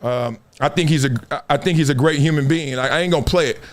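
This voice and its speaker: A man's voice: a little high, fast. A middle-aged man hosting a live-streamed sports talk show, preaching in loose slang with a lot of animation. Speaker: show host.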